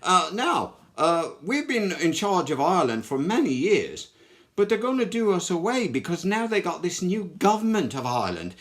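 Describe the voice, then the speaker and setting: A man's voice: high voice, big pitch swings, normal speed, voice pushed up. A man doing a cocky London copper. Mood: mocking. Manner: chatty, mocking, stumbling over words. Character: chirpy male London policeman, cocky. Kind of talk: costumed comic history impersonation.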